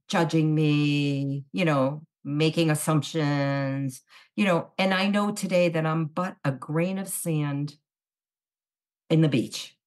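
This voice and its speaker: Chatty middle-aged woman telling stories. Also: low-pitched. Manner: chatty, animated storyteller acting out quoted dialogue. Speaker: guest. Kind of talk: casual podcast interview.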